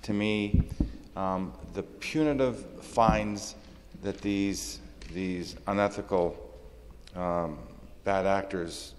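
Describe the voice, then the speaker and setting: Low-voiced man, earnest question, halting fillers, long reverb, faint room hum. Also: fairly even intonation. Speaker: associate minister. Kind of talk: parliamentary debate question.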